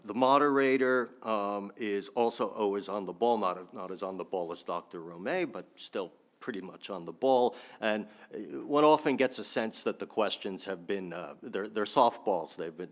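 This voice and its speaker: A man giving a think-tank panel talk with frequent ums and restarts, adding dry asides. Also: lowish voice.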